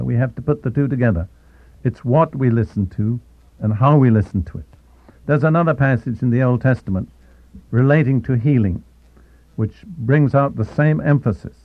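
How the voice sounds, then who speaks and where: A man giving a sermon as a Bible teacher, deliberate and slowing down to stress key phrases. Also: medium pitch, dry recording. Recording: tinny phone-like, dry.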